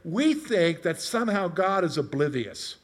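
A man's voice: sits high, very animated, unhurried. A middle-aged man preaching a conversational sermon, asking his congregation questions and telling personal stories. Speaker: pastor.

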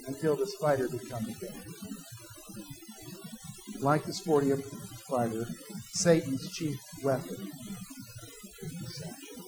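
Male pastor, high-pitched voice, conversational sermon delivery. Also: unhurried, pauses often, music in the background, low-quality recording. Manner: conversational preaching, personal asides, quoting imagined voices.

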